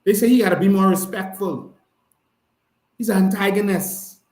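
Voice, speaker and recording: A man's voice: sits high, moderate pace, a little mellow, reverberant, poor audio. Fiery Bahamian man on a livestream. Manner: fiery and emphatic, often asks "all right?". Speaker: activist hosting a live stream. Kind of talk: impassioned livestream talk.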